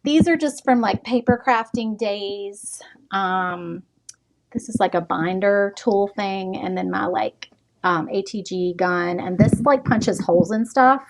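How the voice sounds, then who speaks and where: Woman chatting on a live stream while walking round her craft room, kinda breathless, lots of um and like, loud noisy clicky background. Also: medium pitch, unhurried. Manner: rambling, chatty, many ums and likes. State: slightly out of breath. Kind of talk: casual live-stream chat.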